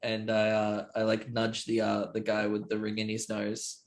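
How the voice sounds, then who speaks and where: A man playing a tabletop game, talking in an unhurried, amused way with hesitant fillers. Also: fairly low pitch, monotone. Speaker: player.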